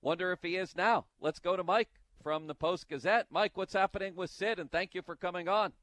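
A man's voice: high-pitched, steady tone, a little fast, fairly bright tone, dry recording. Upbeat male sports radio host. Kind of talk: energetic radio show hosting.

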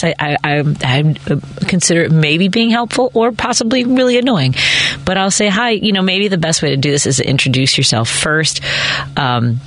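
A woman's voice: fairly low pitch, a bit bright. A woman hosting a talk radio show, chatty and conversational, laughing and acting out little quoted phone calls. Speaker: radio host.

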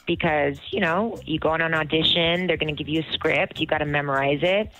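Chatty low-voiced woman, faint music. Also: fairly even intonation, fast talker, few pauses, a bit bright, low-quality recording. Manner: chatty and enthusiastic. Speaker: guest actress. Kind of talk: interview answers.

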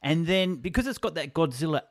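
A man's voice: on the high side, expressive, a little fast. Man describing toys with enthusiasm. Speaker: podcast co-host. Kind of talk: casual chat.

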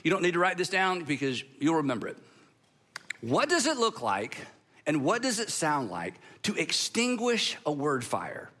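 A man preaching a sermon to a congregation, emphatic and teaching, with deliberate pauses and the audience asked to repeat after him. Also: on the high side, wildly swooping pitch, fairly bright tone. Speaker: pastor.

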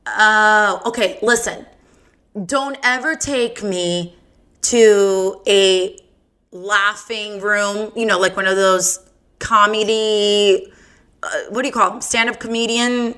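A woman's voice: mid-range voice, fairly even intonation, takes it slowly, sharp tone, clean tone. A woman hosting her own podcast, telling bawdy jokes in a giggly, self-mocking casual chat. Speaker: podcast host.

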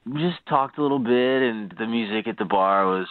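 Sleepy low-voiced man on a phone line. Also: brisk, no room sound. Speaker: caller. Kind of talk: phone call to radio show.

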